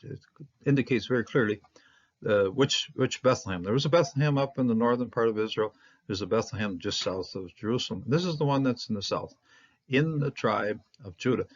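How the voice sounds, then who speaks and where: Halting man teaching, lo-fi sound. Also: medium pitch. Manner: halting, many fillers and restarts, checks in with "okay?". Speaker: Hebrew Bible teacher. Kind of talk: informal lesson reading a text.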